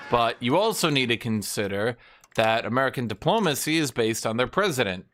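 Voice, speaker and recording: A man streaming a game and ranting casually about history, opinionated and profane, with quick mock voices for the countries he talks about. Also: mid-range voice, lively intonation, fairly bright tone. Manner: mimics historical nations in quick asides. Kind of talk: casual livestream rant while gaming.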